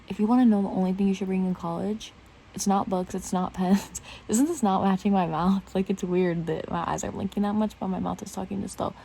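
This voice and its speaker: Young woman, casual phone vlog, self-mocking, giggly, warm tone, light background noise. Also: medium pitch, creaky, poor audio. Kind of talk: casual late-night chat to phone camera. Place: bedroom at night. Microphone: phone camera.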